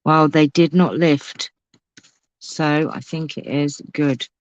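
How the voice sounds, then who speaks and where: A woman's voice: sits low, fairly even intonation, takes it slowly, dry recording, dull audio. A woman hosting a casual crafting livestream, chatting and thinking aloud as she works. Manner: chatty, thinks aloud, talks to her pet. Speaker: craft channel host.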